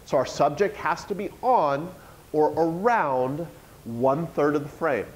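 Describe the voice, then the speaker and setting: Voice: medium pitch, expressive, measured pace, darkish tone, a little hiss or hum, low-quality recording. A teacher giving a classroom lesson, coaxing the students with question after question.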